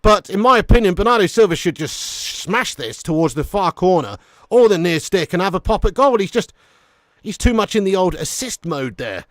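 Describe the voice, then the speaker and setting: High-voiced match streamer. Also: male voice, moderate pace, dry recording, studio quality. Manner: chatty, jokey, excitable. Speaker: watch-along streamer. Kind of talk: live match commentary.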